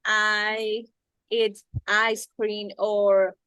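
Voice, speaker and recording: A young Ecuadorian woman, a native Spanish speaker, answering in halting learner English with many pauses and fillers. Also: medium pitch, level tone, bright, forceful tone, no room sound, poor audio. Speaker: student.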